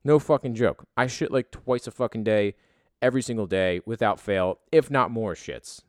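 A man's voice: on the low side, normal speed, a little mellow, no room sound, studio quality. A man telling a rambling travel story in a profane, self-deprecating, casual way.

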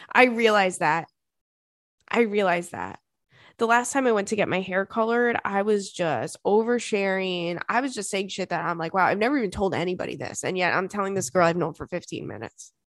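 A woman's voice: medium pitch, fairly bright tone, no room sound, studio quality. A young adult woman hosting a podcast, telling candid stories in a chatty, oversharing way with swearing and laughter. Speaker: podcast host. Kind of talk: casual chat.

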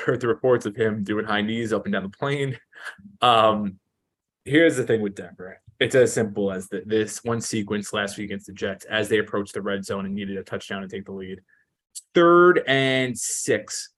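Ranting sports betting co-host, man. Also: fairly low pitch. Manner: animated, profane, ranting. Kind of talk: casual podcast chat.

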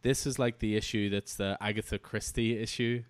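A man with a fairly low, smooth and resonant voice hosts a casual comic book chat. He is relaxed and chatty and laughs often. The recording is close and dry, with no room sound. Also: moderate pace, dry recording. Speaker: podcast host.

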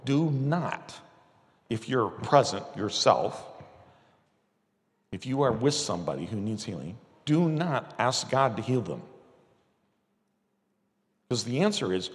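A gravelly-voiced man preaches in a relaxed, conversational way, slipping into acted quotes as he tells stories. His pitch rises and falls a great deal. The sound carries a long reverb, as in a large hall. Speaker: pastor. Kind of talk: sermon teaching with storytelling.

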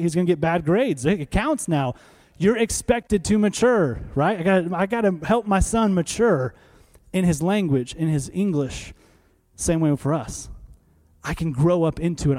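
Delivering a sermon, a pastor in his thirties talks to his congregation as though having a conversation, animated and full of rhetorical questions. His voice sits slightly high while staying mellow and warm.

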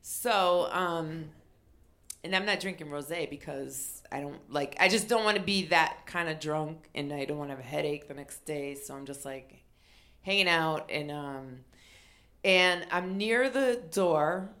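Middle aged lady comic telling a story on a podcast, low-ish voice, acts out the quotes big. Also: a little slow. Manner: animated, acts out quotes with shouted exclamations. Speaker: comedian and storyteller. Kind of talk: comedic storytelling chat.

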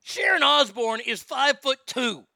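A man's voice: very high voice, expressive, measured pace, gravelly, sharp tone, no room sound, studio quality. A man hosting a ranting commentary, sarcastic and incredulous, swearing freely. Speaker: commentary host.

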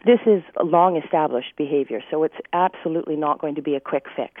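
A woman dog trainer giving advice on a radio call-in show, talking energetically and slipping into quick acted voices. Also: low-pitched, dry recording. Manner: energetic, acts out owners and dogs in quick voices. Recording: dry phone-line sound.

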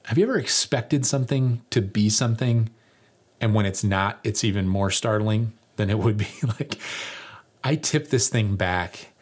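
A young man, a pastor, opening his sermon with a lively personal story and putting casual questions to his congregation. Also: lowish voice. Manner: animated, self-mocking storytelling; conversational, rhetorical questions to the congregation.

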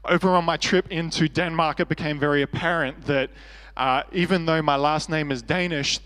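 A man's voice: a little high, steady tone, normal speed, a bit bright, smooth, long reverb tail. An Australian man preaching a sermon as pastor, earnest and conversational with self-deprecating humor.

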